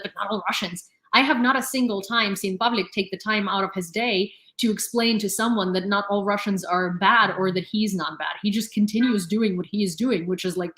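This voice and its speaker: This news channel host, a young woman, has a mid-range, somewhat bright voice. On her live stream she chats and rambles casually, laughing often and using many fillers, with a roomy echo around her.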